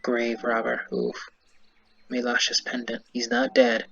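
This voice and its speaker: A man's voice: mid-range voice, monotone, slow pace, gravelly, fairly bright tone, breathy edge. A man reading a story game aloud, breaking off with offhand muttered asides. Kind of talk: casual let's-play reading with asides. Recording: dull lo-fi sound, game music behind.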